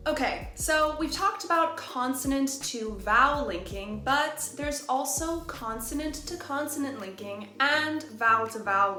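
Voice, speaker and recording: A woman teaching English pronunciation in a clear, deliberate way, slowing down to demonstrate phrases. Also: sits high, pushed and bright, echoey room. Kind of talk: scripted pronunciation lesson.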